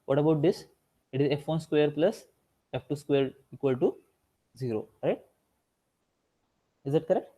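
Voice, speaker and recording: A man's voice: fairly high pitch, normal speed, long pauses, mellow. A male instructor giving an online revision lecture, asking himself rhetorical questions and tagging lines with "right?".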